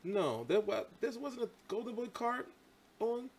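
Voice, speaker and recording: A man's voice: very high voice, a little slow. A man in his thirties hosting a boxing livestream, chatting loosely and profanely and answering viewers' comments. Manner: loose, profane, rambling and animated. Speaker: boxing channel livestream host. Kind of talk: casual livestream chat.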